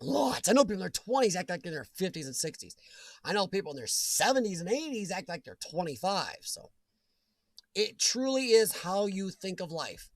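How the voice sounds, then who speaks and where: A middle-aged man chatting on his livestream, his voice high for a man and swinging widely in pitch. He laughs often and cracks jokey asides as he answers viewers. The sound is close and dry. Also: no room sound. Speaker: livestream host. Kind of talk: casual live chat reading viewer comments.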